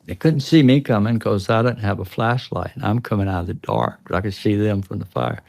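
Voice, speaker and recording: A man's voice: fairly low pitch, a little fast, gravelly, darkish tone, no echo. A man, a guest on an interview show, earnestly recounting a tense personal experience, often breaking off and restarting. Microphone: studio podcast mic.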